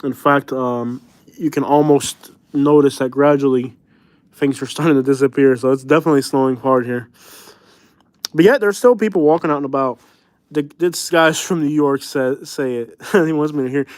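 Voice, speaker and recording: A man hosting a relaxed live stream, rambling from thought to thought and chuckling as he goes. His voice sits a little high for a man. The sound is dry and close, with little room echo. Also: normal speed. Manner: rambling, chuckling, lots of fillers and slang like "bro". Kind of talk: casual live-stream chat.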